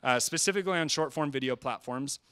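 A man presenting at a training session, talking in an energetic, conversational way and quoting people in quick asides. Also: mid-range voice, smooth. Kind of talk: live presentation. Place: presentation hall.

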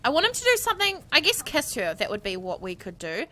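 A woman giving bubbly, gushing let's-play commentary on a USB condenser microphone, often squealing with excitement. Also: high-pitched, quick pace. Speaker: gaming video creator.

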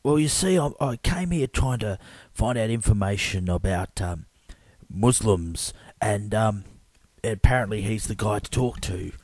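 A man jokes his way through an improvised sketch, with blokey banter and frequent stammers. His voice is husky and mellow, and he speaks into a close, dry mic. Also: on the low side, lively intonation, a little slow, dry recording. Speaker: comedic host.

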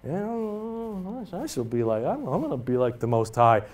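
A man voicing a vain male fallen angel who admires himself, in a hushed, self-satisfied tone, inside a sermon. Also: fairly high pitch, very animated, moderate pace. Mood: smug.

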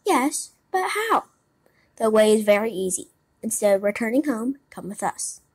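A woman's voice: on the high side, big pitch swings, moderate pace, darkish tone, husky, full character voice. A woman voicing a cunning male fox in a storybook, courteous and coaxing. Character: sly smooth-talking male fox, cunning.

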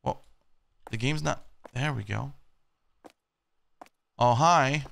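A man's voice: mid-range voice, takes it slowly, gravelly, fairly bright tone. A young man playing a horror game, reacting with nervous jokes, swearing and startled outbursts. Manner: jumpy, swearing, nervous joking. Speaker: gaming YouTuber. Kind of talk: horror game let's play commentary.

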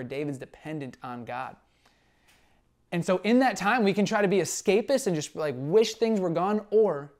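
A young man preaching a sermon as a pastor, earnest and conversational, reading scripture with feeling and acting out prayers. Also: on the high side.

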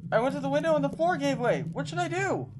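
A woman voicing a frightened young woman lost in a dark house, speaking in a high, shaky, pleading voice. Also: big pitch swings, quick pace, background noise. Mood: panicked.

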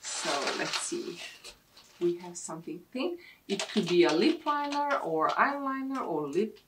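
A woman vlogger from Sweden chatting casually and excitedly as she unboxes beauty products. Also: medium pitch, measured pace. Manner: excitable, gushing over products. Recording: distant mic with clear background noise.

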